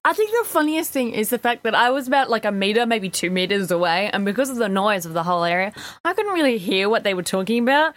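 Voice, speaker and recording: A woman co-hosting a podcast, chatty and quick to laugh as she tells stories. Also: medium pitch, animated, no room sound. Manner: giggly, chatty, storytelling. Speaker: podcast co-host. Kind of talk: casual chat.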